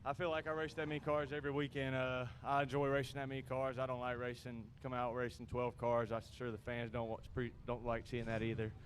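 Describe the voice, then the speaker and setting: A winded man with a middle-pitched voice, talking casually and rambling a little as he catches his breath. He sounds like a driver fresh out of the car at an outdoor track. Faint ambient noise runs behind him. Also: flat delivery, brisk, hardly any pauses. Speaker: winning driver. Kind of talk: post-race interview. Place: outdoors at a racetrack.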